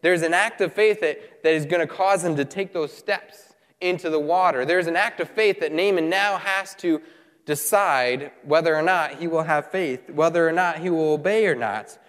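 In a fairly high voice and at normal speed, a man preaches a sermon, reading scripture and launching into lively asides where he acts out the characters. He is animated throughout, and the long reverb of a large hall rings around him.

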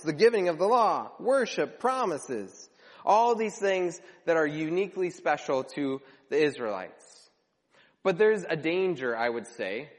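A man delivers a sermon in a fairly high voice, retelling scripture as lively storytelling with repeated phrases and animated quoted lines. His voice rings out with a long reverb, as in a large church hall. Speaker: preacher.

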